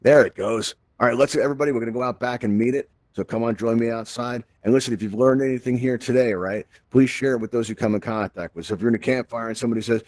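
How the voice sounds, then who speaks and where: A man's voice: medium pitch, fast, hardly any pauses, a little mellow, no echo. A man hosting a live virtual-reality tutorial, explaining steps in an upbeat, jokey way. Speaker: host and instructor.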